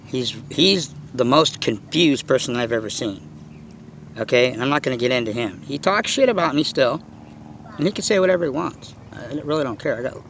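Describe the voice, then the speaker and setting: This middle-aged man, an RC car vlogger recording outside, has a gravelly, fairly bright voice at medium pitch. He delivers a loose, foul-mouthed rant about his hobby, wandering off track and stuffing it with fillers over slight background noise.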